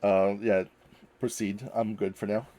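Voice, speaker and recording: A man playing a tabletop game, thinking out loud with hesitant restarts. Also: lowish voice, flat delivery, unhurried, dry recording. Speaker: player. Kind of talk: casual tabletop game chat.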